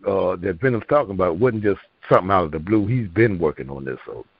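A man's voice: sits low, animated, fast talker, creaky, breathy edge, no room sound, dull audio. A man co-hosting a poetry show, delivering a comic spoken-word poem in a rhythmic, rhyming way and then chatting casually. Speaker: co-host and poet.

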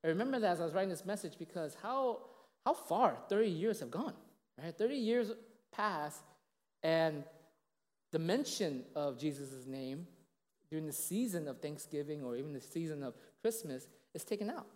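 A man's voice: animated, moderate pace, darkish tone. A man in his late thirties giving a casual, conversational sermon as a pastor, telling stories with lots of fillers and "you know, right?" asides, and acting out quoted voices. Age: late 30s. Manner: casual, chatty, heavy on fillers and 'you know', 'right?'; acts out quoted voices with big pitch jumps. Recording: long reverb of a large hall.

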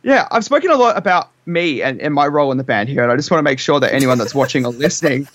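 A man's voice: a little high, expressive, quick pace, a bit bright. A man with an Australian accent, a band vocalist chatting casually in an interview, rambling with lots of ums and restarts.

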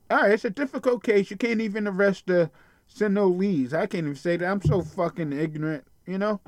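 A man's voice: high voice, no echo. A man hosting a podcast, ranting casually about a news story, swearing bluntly and stumbling over names as he reads. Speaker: podcast host. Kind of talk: casual profane rant reading a news story.

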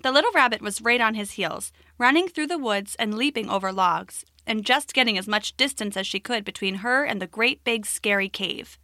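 A woman narrating a children's story in a gentle, expressive way. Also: fairly high pitch, normal speed, few pauses, no echo, studio quality.

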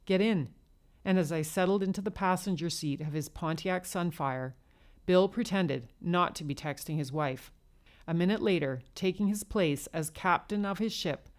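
A woman narrating an adult short story in the first person, in a cool, measured reading. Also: on the low side.

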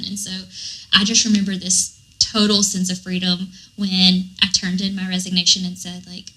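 A woman's voice: lowish voice, normal speed, poor audio. A woman with a Southern American accent, a guest dietitian speaking earnestly in a casual interview, with lots of fillers. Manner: earnest, animated storytelling with many fillers. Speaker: guest, dietitian and recovery coach.

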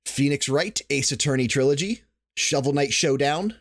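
A man's voice: mid-range voice, moderate pace, fairly bright tone, no echo, clean studio sound. A young man hosting a casual gaming podcast, talking in a chatty, rambling way and often restarting his sentences. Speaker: podcast host.

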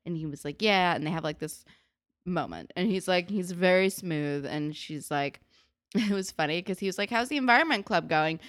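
A woman with a low voice co-hosting a casual podcast recap. Her talk is loose and full of filler words, and she slows down for emphasis. The sound is close and dry. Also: no echo. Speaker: podcast co-host.

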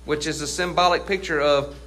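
Forceful, bright-voiced middle-aged male pastor. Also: fairly high pitch, fairly even intonation. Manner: emphatic, asks the congregation questions and answers them; stretches key phrases slowly for weight. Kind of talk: sermon.

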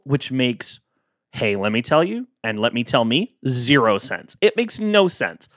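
A man's voice: mid-range voice, lively intonation, unhurried, fairly bright tone, dry recording, studio quality. A man hosting a casual solo podcast, chatting playfully and acting out both sides of imagined exchanges.

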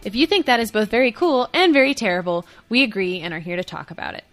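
A woman co-hosting a film podcast in casual chat, chatty and joking with quick asides. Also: medium pitch, big pitch swings, fairly bright tone, faint music behind. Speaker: podcast co-host.

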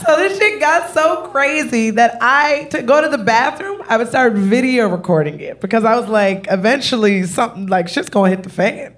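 A woman comedian telling a brash, profane, animated story on stage. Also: on the high side, normal speed, hardly any pauses. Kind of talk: stand-up storytelling. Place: live comedy show.

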